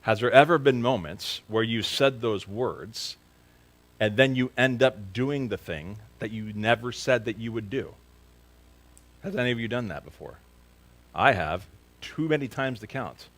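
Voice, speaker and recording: A man's voice: medium pitch, lively intonation, a little slow, long pauses, low-quality recording. A man preaching a sermon at a church service, earnest and questioning his listeners directly, becoming emphatic to stress a point. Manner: grows emphatic and louder when stressing a point. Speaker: pastor.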